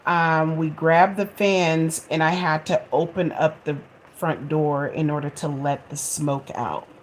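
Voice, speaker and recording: A woman in her forties telling a funny home story to her viewers in a chatty, expressive way and laughing at herself. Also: sits low, measured pace, slight background noise. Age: 40s. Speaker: vlogger. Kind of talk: casual storytelling to camera.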